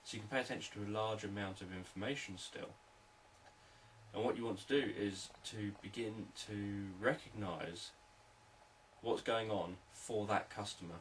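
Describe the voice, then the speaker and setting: A man, a hypnotherapist, explaining sales techniques in a calm, repetitive, unscripted teaching talk. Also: fairly low pitch, normal speed, far from the mic, slight background noise, low-quality recording.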